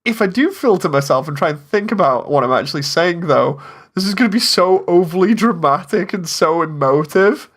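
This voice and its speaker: A man's voice: high-pitched, lively intonation, brisk, a bit bright. A man in casual commentary, chatting about voice takes as an animator and laughing often. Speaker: animator and streamer.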